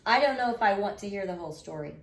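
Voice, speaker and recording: A woman's voice: medium pitch, lively intonation, quick pace, close to an everyday voice. A woman reading aloud, voicing a tired middle-aged father who lectures his son seriously. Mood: stern. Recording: roomy echo.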